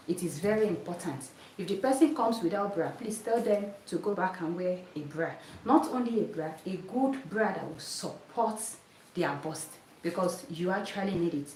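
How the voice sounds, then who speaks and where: A woman's voice: medium pitch, darkish tone, a little hiss or hum. A woman teaching a sewing class by demonstrating on a mannequin, who talks patiently, repeats each step and keeps asking if you saw it. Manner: patient, repeats steps, asks "did you see it?". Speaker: sewing instructor. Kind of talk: hands-on demonstration lesson. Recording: echoey room, voice from a distance.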